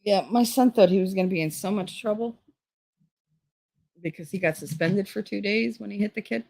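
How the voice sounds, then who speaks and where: A woman's voice: mid-range voice, moderate pace, vocal fry, darkish tone, dry recording. A middle-aged woman from Hoboken, telling stories in blunt, profane casual chat on her channel. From Hoboken, New Jersey. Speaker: channel host.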